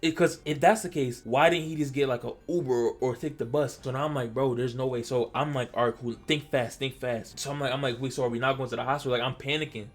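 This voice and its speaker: A man from Delaware telling a personal story in casual vlog style, animated and stammering, acting out what he said back then. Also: medium pitch, fast talker, few pauses. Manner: animated, stammering, acts out his own past lines. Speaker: storytelling vlogger.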